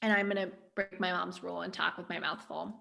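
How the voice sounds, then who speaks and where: A woman hosting a workshop, gently and playfully guiding a group through a mindful-eating ritual over a video call. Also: lowish voice, level tone, quick pace, gravelly. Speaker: workshop host.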